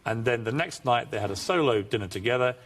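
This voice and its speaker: A man's voice: mid-range voice, expressive, fast talker, a bit bright. An English man telling a chatty, amused anecdote as a guest on a talk show.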